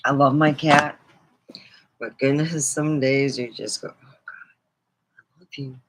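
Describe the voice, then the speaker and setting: A woman's voice: a bass voice, fairly even intonation, measured pace. A middle-aged woman vlogger in rambling, joking casual chat, laughing often.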